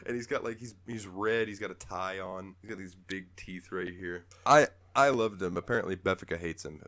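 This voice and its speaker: Deep-voiced laid-back man rambling. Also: normal speed, a bit bright, no echo. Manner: laid-back, rambling, laughs often, swears. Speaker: podcast co-host. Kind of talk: casual game review chat.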